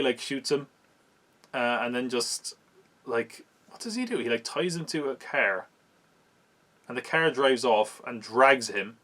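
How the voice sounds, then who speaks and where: A man's voice: mid-range voice, a bit bright. Chatty man recapping a film. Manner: chatty, wry, laughs at the film. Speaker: podcast host reviewing a film. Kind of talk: casual solo film recap.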